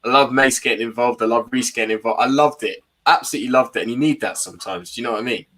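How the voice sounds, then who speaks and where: A man talking as a guest fan in a casual football chat, excitable and enthusiastic, laughing often. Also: medium pitch, rapid-fire.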